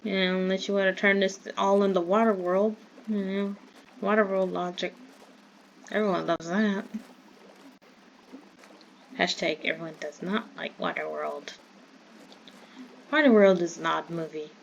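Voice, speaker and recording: Slow-talking woman rambling over gameplay. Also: mid-range voice, steady tone, creaky, lo-fi sound, a little hiss or hum. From Southern United States. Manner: rambling, chatty, easily startled. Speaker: gamer. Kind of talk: casual Minecraft commentary.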